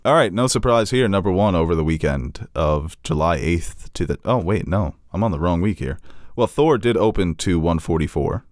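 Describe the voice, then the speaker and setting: A man's voice: low-pitched, lively intonation, normal speed, few pauses, darkish tone, dry recording, clean studio sound. A man co-hosting a casual podcast, chatting, laughing often and running through box office figures. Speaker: podcast co-host.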